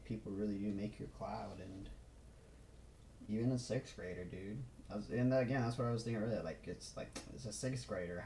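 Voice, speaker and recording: A man's voice: on the low side, gravelly, warm tone, a little hiss or hum. Rambling man on a roomy phone recording. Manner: rambling, loose, full of fillers. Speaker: vlogger. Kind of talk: casual rambling vlog.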